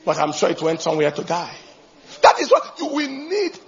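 Animated pastor with gravelly voice. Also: male voice, sits high, normal speed, dull audio. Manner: animated preaching, bursts into shouts and laughter. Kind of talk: sermon.

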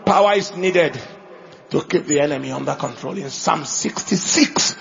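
A high-voiced man preaching a lively sermon, his pitch leaping up and down as he tells stories. His tone has a gravelly edge, and the recording sounds muffled and lo-fi. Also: moderate pace. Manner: animated preaching, bursts into shouts and laughter. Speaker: pastor.

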